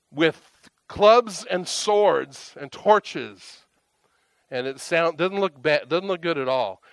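A man preaching a conversational sermon, animated, firing off rhetorical questions. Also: on the high side, no room sound. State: tired, emotionally raw. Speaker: pastor.

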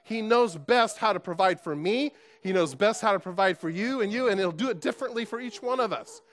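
A pastor preaches a sermon with earnest emphasis, his voice a little high for a man and a bit bright. He speaks expressively and a little fast, often restarting phrases and putting rhetorical questions to his listeners.

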